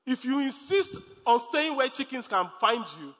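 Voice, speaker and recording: A man preaches in a high, ringing voice, pressing his points by repeating them and laughing as he goes. His sermon carries a long hall reverb. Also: lively intonation, moderate pace, pushed and bright. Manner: emphatic, repeats phrases, laughs often. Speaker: pastor.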